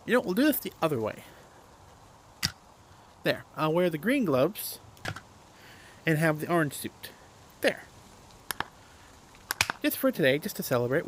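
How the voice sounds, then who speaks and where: A man hosting a gaming channel, giving casual, rambling commentary full of hesitations and filler words while he plays. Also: on the high side. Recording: loud game pressure-washer noise behind voice. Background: loud pressure-washer spray hiss.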